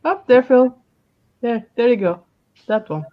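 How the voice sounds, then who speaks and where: A woman's voice: a little high, expressive, a little slow, no echo, muffled recording. A woman chatting casually on a livestream, teasing and laughing often.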